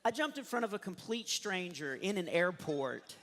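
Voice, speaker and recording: Man, texan accent, stand-up comedy, lively storytelling, chuckles at his own jokes, hall reverb. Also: high-pitched, moderate pace, a little hiss or hum. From Texas. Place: church stage.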